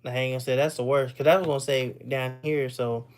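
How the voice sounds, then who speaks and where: A man's voice: medium pitch, little pitch movement, a little fast. A man from Texas, chatting casually with viewers on a live stream, rambling and repeating words as he talks. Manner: loose and rambling, repeats words, laughs often.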